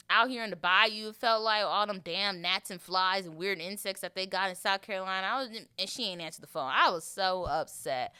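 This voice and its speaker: A woman's voice: medium pitch, a little fast, few pauses, clean tone, dry recording. A young woman from Florida, hosting a podcast in a chatty, playful monologue. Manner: chatty, animated, playful, acts out voices. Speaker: podcast host. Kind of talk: casual chat monologue.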